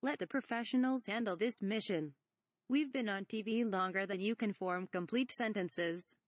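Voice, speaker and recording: A grumpy old pilot, read by a woman, scolds gruffly in her everyday voice. The sound is dry and close. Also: mid-range voice, normal speed, no room sound, lightly acted. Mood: angry.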